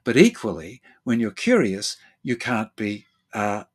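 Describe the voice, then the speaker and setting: At a measured pace, a male therapist lays out his thinking as a guest in easygoing conversation. He repeats words and uses fillers as he reasons, and he frequently impersonates others with abrupt leaps in pitch.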